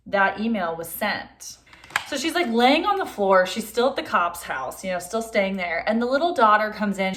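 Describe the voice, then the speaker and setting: A young adult woman casually reviewing a film for her vlog, chatty and exasperated, with a steady stream of "like". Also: medium pitch.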